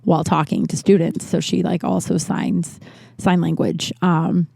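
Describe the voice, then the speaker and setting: A woman's voice: lowish voice, flat delivery, unhurried, gravelly, dark tone, breathy edge, no echo, clean studio sound. A woman hosting a podcast, telling personal stories in a rambling, candid way and swearing freely. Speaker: podcast host. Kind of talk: casual storytelling monologue.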